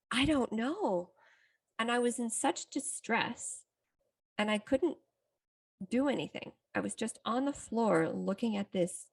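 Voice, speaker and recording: A middle-aged woman with a gravelly, creaky edge to her voice hosts a self-help podcast. She tells a personal story candidly and reflectively, sometimes restarting a sentence as she goes, at an ordinary mid pitch. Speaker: psychotherapist and podcast host.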